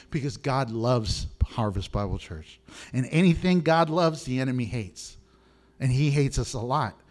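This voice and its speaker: Delivering a sermon to his congregation, this middle-aged pastor is lively and laughs a lot. His tone keeps shifting from low to high.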